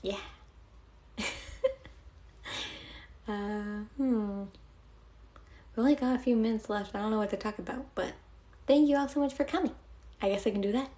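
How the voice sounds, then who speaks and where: A woman's voice: a little high, moderate pace, pauses often, mellow. A young woman live-streaming, chatting casually and giggling as she thanks her viewers.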